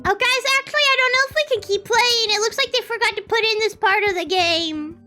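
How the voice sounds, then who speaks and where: A woman's voice: extremely high pitch, fairly quick, bright, forceful tone. A young woman streaming a game in casual chat, chaotic and playful, trailing off and restarting with silly bits. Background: faint music.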